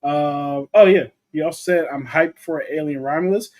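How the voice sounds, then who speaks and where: A man's voice: a little high, normal speed, a little mellow. A young man co-hosting a casual livestream about movies, chatting loosely and reading viewer comments aloud. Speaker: co-host of a movie talk livestream.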